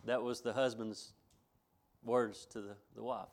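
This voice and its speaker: A middle-aged man preaches to his church in a folksy, homespun way. He circles back over his phrases and chuckles between points. His voice sits at a medium pitch. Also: flat delivery, measured pace, creaky. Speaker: pastor. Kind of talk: sermon.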